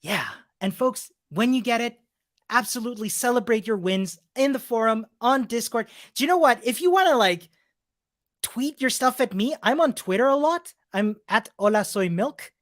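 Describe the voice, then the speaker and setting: A man's voice: very high-pitched, lively intonation, moderate pace, a bit bright, no echo, clean studio sound. A man teaching a coding bootcamp, wrapping up a live-streamed class and answering viewer questions in an upbeat, encouraging, chatty way. He laughs often and restarts his sentences. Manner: laughs often between remarks.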